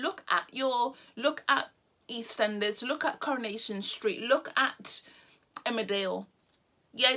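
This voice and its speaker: A woman's voice: fairly high pitch, bright, forceful tone. A woman vlogger ranting blunt and exasperated to the camera, repeating her points.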